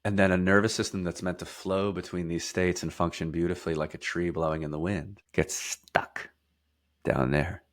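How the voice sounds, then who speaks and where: Emphatic man explaining with stacked lists. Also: little pitch movement. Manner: emphatic, stacks lists of words and repeats key phrases; drops to a quieter, slower, lower delivery for heavy points. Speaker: podcast guest, somatic therapist. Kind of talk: explanatory interview talk.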